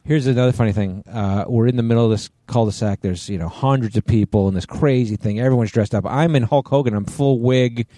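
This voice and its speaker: A man's voice: medium pitch, brisk, few pauses, warm tone, no room sound. A man in his forties co-hosting a casual podcast chat, blunt and dry, swearing casually. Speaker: podcast co-host.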